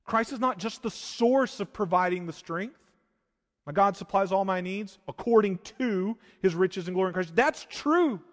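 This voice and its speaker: A man preaching a sermon as pastor, swinging between emphatic peaks and hushed, intense stretches. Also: high-pitched, lively intonation, normal speed, in a large hall.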